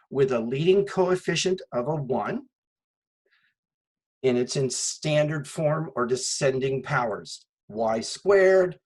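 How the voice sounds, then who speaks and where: A medium-pitched man with a breathy edge delivers a math lecture, recorded roughly in class. His manner is patient as he explains step by step, asking rhetorical questions before answering them.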